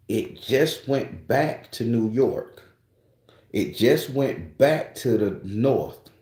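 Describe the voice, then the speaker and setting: A man's voice: mid-range voice, animated, very slow, a little mellow, echoey room. A man hosting his own channel, talking casually and loosely to his viewers, with rambling restarts and frequent swearing. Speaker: spiritual channel host.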